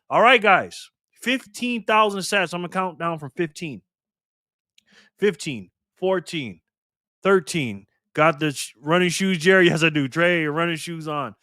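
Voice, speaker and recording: Male streamer, higher pitch, jokey and laughing with chat, dry mic. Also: fairly bright tone, no room sound. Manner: laughs often, banters with chat. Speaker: live stream host. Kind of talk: casual live stream chat reading comments.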